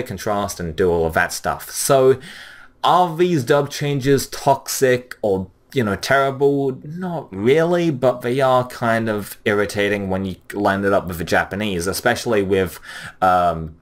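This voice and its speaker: A man's voice: lowish voice, a bit bright. A man hosting his own anime review channel, talking through it in casual solo commentary, rambling with lots of fillers and casual swearing.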